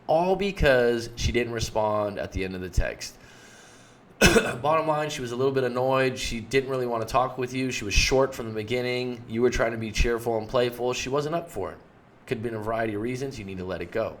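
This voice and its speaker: A man's voice: medium pitch, moderate pace. A male relationship coach giving an explanatory talk, plainly walking the listener through example conversations.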